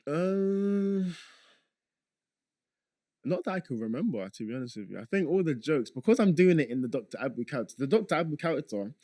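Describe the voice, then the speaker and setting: A young man talking as a guest on a podcast, relaxed and rambling, with frequent fillers. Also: a little high, brisk, dry recording. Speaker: guest, content creator. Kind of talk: casual podcast chat.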